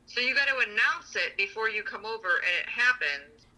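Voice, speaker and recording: A woman's voice: fairly high pitch, lively intonation, normal speed, sharp tone, low-quality recording. A woman co-hosting a relationship podcast, venting bluntly about a partner in casual, profane chat. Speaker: podcast co-host.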